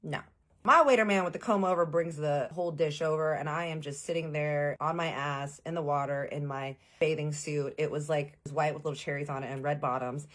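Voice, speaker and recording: Woman, young, low and chatty; storytime vlogger, slangy, plays out the dialogue. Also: fairly even intonation, fairly quick, few pauses. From Texas. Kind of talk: casual storytime.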